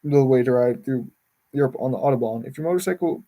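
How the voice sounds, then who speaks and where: A man's voice: mid-range voice, fast talker, dark tone. A man reading a memoir aloud on a livestream, often stumbling over words and correcting himself.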